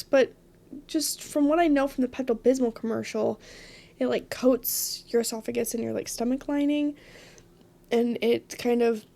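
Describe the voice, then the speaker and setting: A woman hosting a solo podcast, telling a story in a dramatic, animated way with asides. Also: fairly high pitch, creaky. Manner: animated, dramatic retelling with frequent laughs and asides. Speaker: podcast host.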